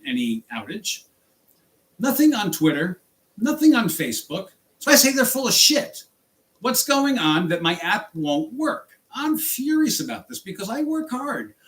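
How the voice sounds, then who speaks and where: An angry man from the United States ranting in a vlog about his work as a rideshare driver, exasperated and jumping in pitch. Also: low-quality recording. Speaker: rideshare driver and channel host.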